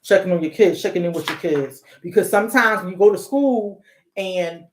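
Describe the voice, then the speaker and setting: A woman's voice: on the low side, normal speed. Middle-aged woman host, therapist, AAVE speech, conversational, restarts and rhetorical questions, roomy echoing sound. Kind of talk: casual talk on parenting and emotions. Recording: echoey room.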